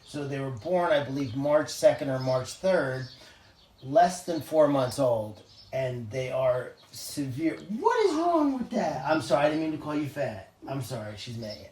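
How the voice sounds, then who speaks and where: A man's voice: mid-range voice, normal speed, a little mellow. Chatty man cooing at animals, roomy echo. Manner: chatty, switches into cooing baby talk with animals. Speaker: animal sanctuary caretaker. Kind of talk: casual vlog narration.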